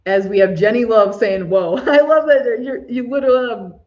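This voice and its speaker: Soft gushy woman doing a spiritual livestream, laughs a lot, kinda dull audio. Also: on the high side, normal speed. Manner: soft-spoken, gushing, laughs often. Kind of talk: live spiritual talk to chat viewers.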